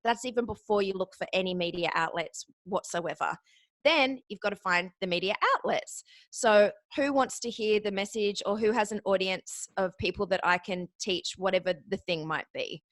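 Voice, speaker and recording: A woman's voice: mid-range voice, moderate pace, fairly bright tone, no room sound. A woman with an Australian accent, a publicist guest giving upbeat, practical advice in an interview, walking through steps one by one.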